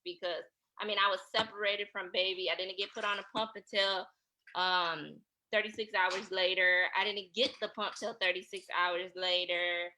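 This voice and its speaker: A woman's voice: medium pitch, fairly even intonation, moderate pace, sharp tone, slight background noise, rough recording. A woman co-hosting a podcast, earnestly recounting a hard personal experience in casual chat. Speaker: podcast co-host.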